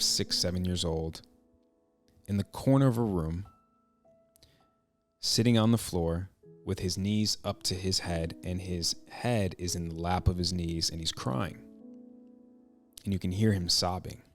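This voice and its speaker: A man hosting a podcast, telling a personal story in an earnest, reflective way, halting and restarting his sentences. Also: low-pitched. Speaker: podcast host.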